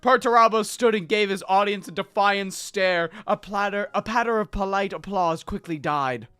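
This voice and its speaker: A woman podcast host reading a novel aloud in a theatrical, expressive narrating style. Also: medium pitch, moderate pace, clear, resonant tone, no room sound. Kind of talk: dramatic book reading with comic asides.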